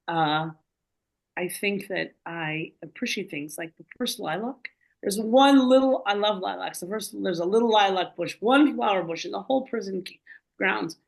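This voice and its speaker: A woman telling her story in a casual, animated way, rambling with many fillers. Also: medium pitch, gravelly, low-quality recording. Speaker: guest speaker.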